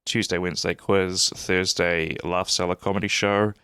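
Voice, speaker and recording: A man, stuffy from a cold, hosting a podcast in a relaxed, rambling way. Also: deep voice, moderate pace, clear, resonant tone, no room sound, studio quality. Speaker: podcast host. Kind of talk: casual solo intro.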